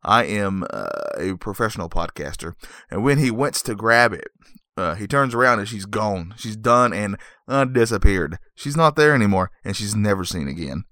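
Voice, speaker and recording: A man hosting a podcast, recapping a movie in a rambling, wry way with joking asides and frequent throat clearing. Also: on the low side, expressive, moderate pace, sharp tone, no room sound, studio quality. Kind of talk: casual comic movie recap.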